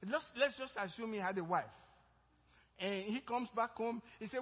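A man's voice: very high voice, moderate pace, husky. A male pastor preaching a sermon, moving from personal storytelling to fervent exhortation. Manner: storytelling, then rising to loud fervent exhortation. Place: church sanctuary. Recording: dull lo-fi church recording with long reverb.

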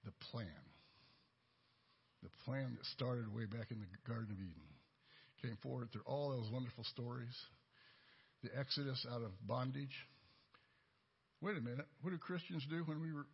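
A man's voice: mid-range voice, normal speed, pauses often, muffled recording. A man giving a sermon with personal testimony, telling stories in a folksy, conversational way. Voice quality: husky. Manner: folksy, storytelling, conversational preaching. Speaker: lay preacher.

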